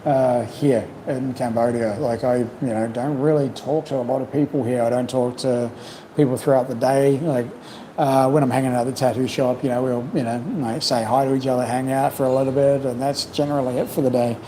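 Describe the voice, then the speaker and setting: A man hosting a casual livestream chat, rambling and reflective, full of "you know", his voice slightly croaky from long talking. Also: mid-range voice, steady tone, a little fast, dark tone, a little hiss or hum, low-quality recording. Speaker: livestream host. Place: home in Cambodia.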